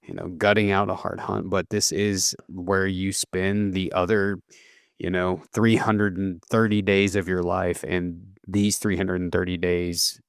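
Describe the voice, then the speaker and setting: Low-ish guy on a nutrition podcast, thinking out loud with lots of restarts, dry close sound. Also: level tone, a little slow, gravelly, clear, resonant tone, no room sound. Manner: reflective, talks with many restarts and fillers. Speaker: podcast co-host, nutrition coach. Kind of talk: casual podcast chat.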